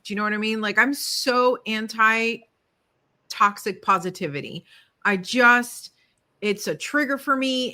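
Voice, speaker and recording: Bright, candid woman chatting. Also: medium pitch. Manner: candid, animated, swears freely, laughs often. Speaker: podcast co-host, studio owner. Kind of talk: casual conversation.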